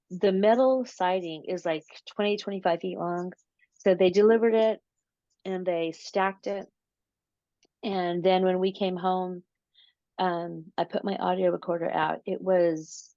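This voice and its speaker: Woman interview guest, low voice, animated storyteller, dry muffled recording. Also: no echo. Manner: animated, repeats words, acts out her own quotes. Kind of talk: casual storytelling.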